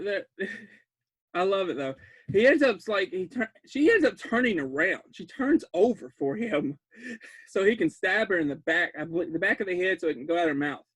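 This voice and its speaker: A man excitedly recapping a bad horror film, rambling, laughing often and breaking into loud disbelief. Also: high voice, breathy edge, dry recording. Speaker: podcast host recapping a film.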